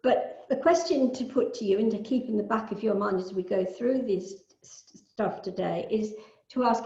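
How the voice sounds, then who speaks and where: An older woman from the UK giving a measured online lecture on astrology, explaining ideas with musing asides. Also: mid-range voice, creaky, dark tone. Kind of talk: online talk with shared screen. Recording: echoey, dull lo-fi.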